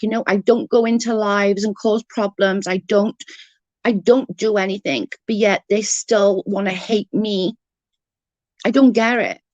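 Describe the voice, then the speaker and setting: A woman's voice: mid-range voice, no echo, highs cut off. A woman on a casual livestream, ranting in exasperation, swearing freely and answering chat comments. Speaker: live streamer reading chat comments.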